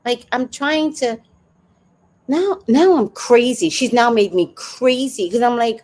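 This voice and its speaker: Animated woman telling stories to her chat. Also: fairly high pitch, moderate pace. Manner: animated, acts out quoted voices, laughs and swears freely. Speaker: livestream host. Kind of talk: casual storytelling to a live chat.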